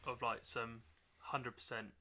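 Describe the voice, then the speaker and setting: A man's voice: mid-range voice, flat delivery, unhurried, sharp tone. A man co-hosting a comedy podcast in a chatty, laid-back way. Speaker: podcast co-host. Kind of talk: casual comedy podcast chat.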